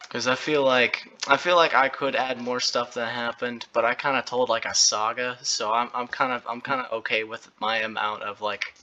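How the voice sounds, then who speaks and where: A man hosting a casual podcast chat, given to loud laughing outbursts and mock yelling. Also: mid-range voice, fairly even intonation, moderate pace, hardly any pauses, highs cut off, a little hiss or hum. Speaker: podcast host.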